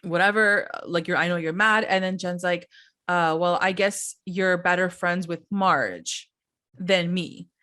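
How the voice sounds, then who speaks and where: A woman's voice: lowish voice, a little slow, dry recording, studio quality. A young woman co-hosting a podcast, casually recapping a reality show and acting out the cast's lines in little voices. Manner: animated, acts out quotes in voices. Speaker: podcast co-host.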